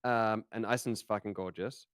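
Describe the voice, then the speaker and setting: An easygoing man from New Zealand with a smooth, resonant voice, recorded close and dry. He chats casually as a guest, with the odd swear word. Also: fairly low pitch, steady tone, normal speed, a bit bright, no echo. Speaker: guest, podcast host. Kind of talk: casual chat.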